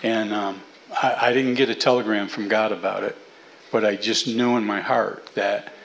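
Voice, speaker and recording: A middle-aged man speaking casually to a church audience in a relaxed, folksy way. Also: lowish voice, moderate pace, vocal fry, slight background noise, low-quality recording. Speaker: guest speaker.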